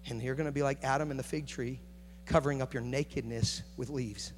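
A man preaching a sermon, moving between quiet, confiding talk and loud, rising passion. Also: medium pitch, steady tone, brisk. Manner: builds from hushed to shouting intensity. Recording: echoey hall with faint hum.

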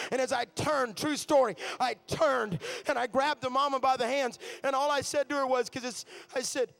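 Preacher guy, high gravelly voice, fired up storytelling sermon. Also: fairly even intonation, moderate pace, hardly any pauses. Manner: fervent storytelling, building to shouts. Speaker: pastor.

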